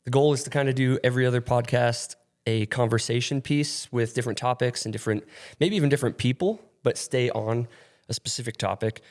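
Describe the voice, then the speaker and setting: A man's voice: medium pitch, a little fast. Nasally young man chatting on a podcast. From upstate New York. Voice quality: nasally, congested from allergies. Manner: rambling, laughing, filler-heavy. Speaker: podcast co-host. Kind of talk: casual chat. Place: rented studio.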